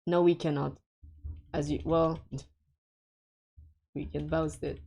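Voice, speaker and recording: A woman's voice: low voice, flat delivery, slow pace, vocal fry, warm tone. A woman streaming a co-op game with friends, chatting casually and hesitantly with lots of fillers and frequent giggles.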